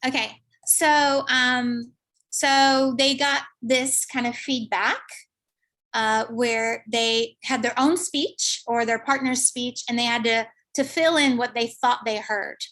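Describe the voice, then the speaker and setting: Woman lecturing slowly over a call. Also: fairly high pitch, fairly even intonation, a bit bright. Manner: slow, explanatory, thinking aloud with fillers. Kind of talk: online lecture.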